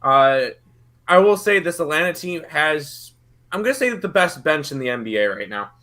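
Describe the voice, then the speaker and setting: A man's voice: fairly high pitch, big pitch swings, normal speed, sharp tone. A man giving casual basketball betting picks on a livestream, confident but rambling, often repeating words as he thinks. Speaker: betting analyst. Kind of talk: casual sports betting analysis.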